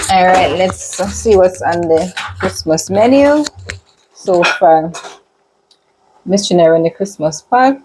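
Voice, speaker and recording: A woman with a Jamaican accent chatting casually in a vlog, relaxed and slipping into patois. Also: lowish voice, slow pace, a little hiss or hum, low-quality recording. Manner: relaxed, mixes patois into chat. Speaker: vlogger.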